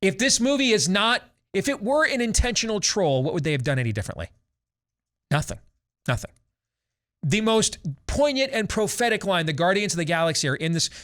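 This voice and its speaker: Guy in his 40s hosting a talk show, sarcastic theatrical rant, voice sits a bit high. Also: very animated, brisk, fairly bright tone. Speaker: host. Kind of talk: opinionated talk show commentary.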